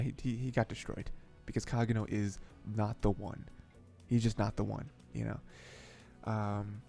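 A man's voice: on the low side, vocal fry, warm tone. A man hosting an anime podcast, recapping episodes in a rambling, chatty way with frequent chuckles and fillers. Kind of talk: casual episode recap and commentary.

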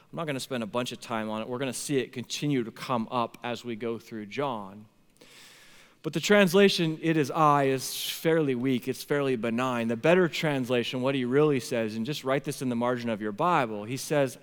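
A man preaching a sermon as pastor, telling stories with big swings between loud excitement and hushed, quiet moments. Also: medium pitch, clear, resonant tone. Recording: long hall reverb.

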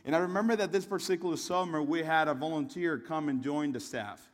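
A young man giving a sermon in a relaxed, storytelling way, often restarting his sentences and adding asides. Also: on the high side, brisk, long reverb tail. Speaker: preacher.

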